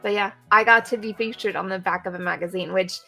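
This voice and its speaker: A young woman rambles through excited stories in casual chat, giggling often. Her voice carries a gravelly fry. She talks over a video call mic. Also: mid-range voice, quick pace, soft background music. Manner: bubbly, giggly, rambling storyteller. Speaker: guest streamer and cosplayer.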